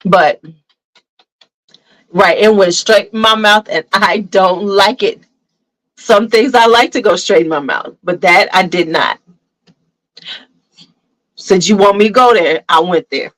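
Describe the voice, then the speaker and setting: A woman's voice: medium pitch, unhurried, long pauses, fairly bright tone, poor audio. A woman talking casually to her viewers as she reviews perfume, blunt and frank, often calling them "y'all". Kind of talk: casual fragrance review vlog.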